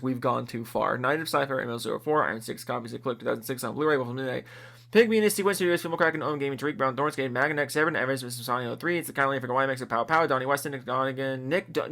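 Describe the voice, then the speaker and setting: A man from Seattle reading out a long list of supporter names into a close desk microphone, excitable and profane, laughing at his own slips. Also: mid-range voice, vocal fry. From US, Seattle area. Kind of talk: rapid-fire casual list reading.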